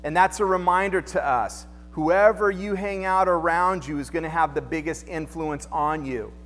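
This is a pastor's sermon in a church sanctuary, given in a slightly high, fairly bright voice at a moderate pace. He keeps things loose and conversational with rhetorical questions, and the recording features long hall reverb and quiet background music.

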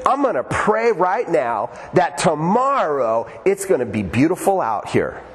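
A man putting on the voice of a flashy older man who prays grandly and loudly, heard with long hall reverb. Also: on the high side, very animated, measured pace. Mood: proclaiming. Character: flashy showy older man praying boldly.

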